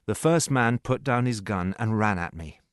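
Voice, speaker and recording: A man narrating a story in a slow, clear reading voice. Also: lowish voice, lively intonation, no echo, clean studio sound. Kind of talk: scripted narration.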